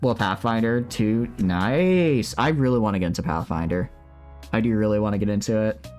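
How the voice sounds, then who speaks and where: A man talking casually to his stream chat, his pitch jumping around with lively energy as he answers questions. His voice sits at a middling pitch, and faint music plays underneath. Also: moderate pace. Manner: animated, chatty, reacting to chat. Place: at home, building a model kit.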